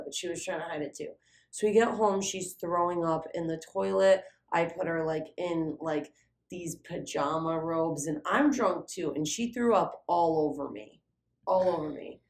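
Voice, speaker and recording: This podcast co-host is a young adult woman with a fairly low, creaky voice heard in a reverberant space. She tells a story casually and animatedly, swearing and filling it with "like."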